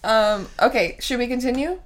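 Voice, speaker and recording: A woman's voice: on the high side, expressive, normal speed, a little hiss or hum. A young woman co-hosting a podcast in casual chat, teasing playfully and laughing often. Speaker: podcast co-host.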